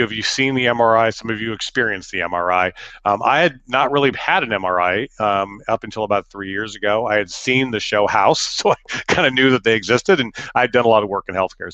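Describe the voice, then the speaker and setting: A middle-aged male education presenter gives a webinar talk full of personal anecdotes, chatting like a storyteller with self-deprecating humor and lots of fillers. His voice is on the low side, bright and forceful. The audio is dull, with no room sound.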